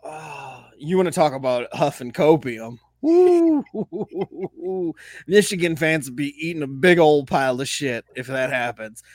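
A man co-hosting a casual sports talk show, ranting in a profane, animated way. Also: a little high, a little slow, no echo. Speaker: podcast co-host.

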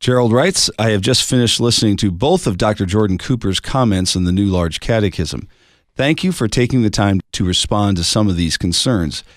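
Male radio co-host, lower voice, measured reading of listener mail, dry studio sound. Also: no room sound. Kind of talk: reading listener emails on air.

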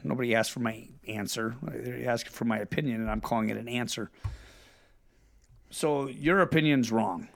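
A middle-aged man talking bluntly in a casual chat, telling stories with swearing and quick impressions of other people. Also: medium pitch, gravelly. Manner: blunt, profane storytelling with lively impressions.

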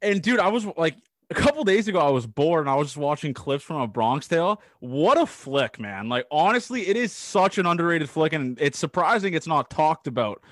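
A man's voice: on the high side, sing-song, fairly quick, fairly bright tone, no echo, clean studio sound. A young man from Toronto hosting a casual chat, enthusiastic and prone to big, sweary praise. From Toronto, Canada. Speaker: podcast host.

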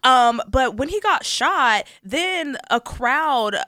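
Lively, bright-voiced woman co-host. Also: high voice, slow, no echo, studio quality. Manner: animated, laughs easily, riffs with jokes. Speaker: guest co-host. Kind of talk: casual comedic chat.

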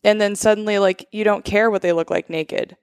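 A woman's voice: mid-range voice, fairly even intonation, brisk, smooth, no room sound, clean studio sound. A woman in her thirties hosting a casual conversation, speaking earnestly and reflectively. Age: 30s.

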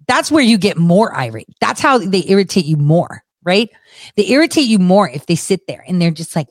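A woman's voice: medium pitch, very animated, moderate pace, no echo. A woman giving casual political commentary, blunt and sarcastic, swearing freely and laughing often.

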